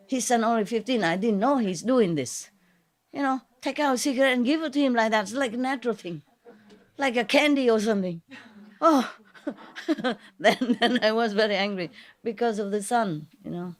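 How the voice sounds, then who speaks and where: A woman spiritual teacher telling a gathering informal stories, in non-native English with dropped grammar and many fillers. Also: medium pitch. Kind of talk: informal storytelling talk to a gathering.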